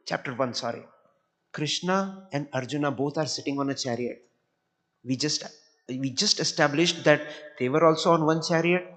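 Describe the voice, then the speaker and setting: A man's voice: mid-range voice, fairly bright tone. Earnest man giving a devotional talk. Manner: earnest, repeats words while searching for phrasing. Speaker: temple speaker.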